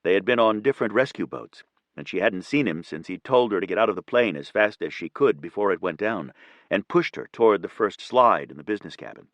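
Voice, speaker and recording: Low-voiced male audiobook narrator. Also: lively intonation, brisk, dry recording. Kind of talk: scripted narration.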